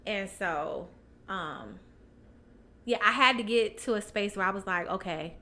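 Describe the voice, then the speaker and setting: A woman's voice: mid-range voice, measured pace, bright, forceful tone. A woman guest on a podcast, talking candidly with many fillers and restarts and laughing often. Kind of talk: candid personal chat.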